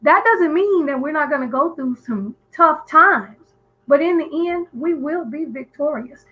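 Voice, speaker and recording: A woman's voice: high-pitched, expressive, measured pace, faint music behind. Earnest woman caller on a lo-fi line. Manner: earnest, emphatic storyteller with frequent restarts. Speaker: guest caller on a live stream. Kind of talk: casual call-in chat.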